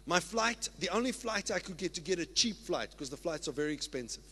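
A South African man, a pastor, preaching a sermon in an excited, emphatic way. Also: on the high side, a little fast, slightly rough. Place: church. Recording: long reverb of a church hall.

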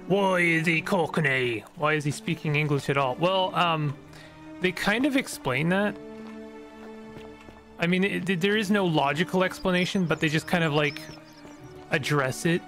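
A man's voice: a little high, unhurried, long pauses, fairly bright tone. A man giving casual, joking let's-play commentary, reacting aloud as he plays. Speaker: gaming streamer. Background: game music.

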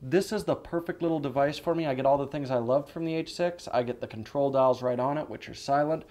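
A man's voice: medium pitch, fast talker, darkish tone. A man co-hosting and editing a camera review show, talking gear with tipsy enthusiasm. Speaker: co-host and editor. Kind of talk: casual product review banter.

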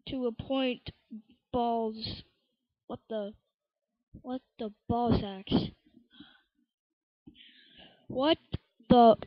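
Excitable high-voiced woman gaming. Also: no room sound, muffled recording. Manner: excitable, shouting outbursts, mild swearing. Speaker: gaming channel host. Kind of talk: casual gameplay commentary.

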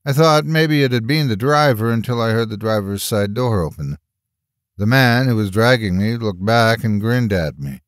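Man, horror story narrator, low voice, measured first-person telling, dry close mic. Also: no room sound.

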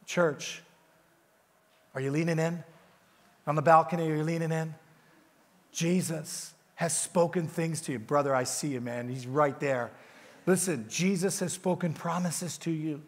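High-voiced male preacher in a reverberant hall. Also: normal speed. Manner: animated storytelling, coaxing the congregation. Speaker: guest pastor. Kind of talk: sermon. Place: church sanctuary.

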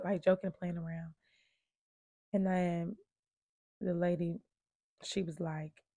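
A woman in her thirties tells her personal story straight to camera, earnest and conversational. Her voice sits low and carries a gravelly fry, and the recording is close and dry with no room sound. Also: flat delivery, a little slow, long pauses, no room sound. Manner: earnest, conversational, shifting from hushed to emphatic. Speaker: vlogger telling her survival story.

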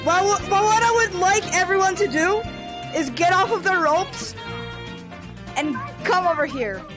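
High-pitched excitable woman host, bossy and repetitive, casual game commentary over music. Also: unhurried. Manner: bossy, excitable, repeats words. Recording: game music playing under voice.

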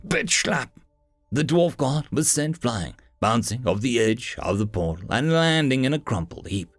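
A man narrating a fantasy story in an expressive, dramatic manner. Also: mid-range voice, moderate pace, no room sound, clean studio sound.

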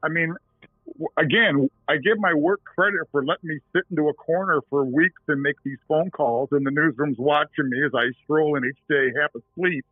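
A man's voice: on the high side, normal speed, husky, dry recording. Man telling a vivid story down a phone line. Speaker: TV reporter and author, interview guest. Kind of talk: storytelling interview. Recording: tinny phone-line sound.

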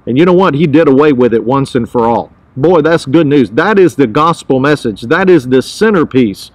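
A man's voice: mid-range voice, expressive, moderate pace, darkish tone, no room sound, low-quality recording. A man pastoring a church, teaching a devotional podcast in an earnest, emphatic way, repeating his key phrases.

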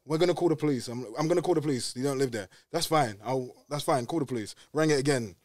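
A young man from West London with a London accent, telling a story in casual podcast chat, quick and slangy, saying bruv at every turn. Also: medium pitch, darkish tone, no echo. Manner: fast and slangy, says bruv constantly. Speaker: podcast guest.

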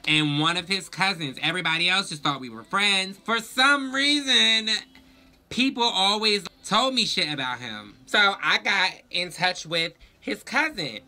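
A young man telling a storytime vlog in a sassy, profane, animated way. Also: high-pitched, measured pace. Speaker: vlogger.

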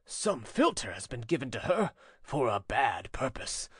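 A man voicing an old father who speaks low and gently to reassure. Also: sing-song, a little slow, breathy edge, no room sound, studio quality. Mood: hushed. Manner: hushed and soothing.

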